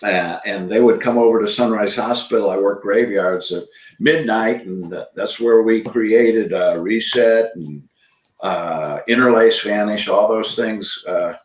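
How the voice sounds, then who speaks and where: Older man reminiscing, distant and echoey. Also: on the low side. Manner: halting, searching for words. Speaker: magician guest. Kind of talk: reminiscing conversation. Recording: echoey room, far from mic.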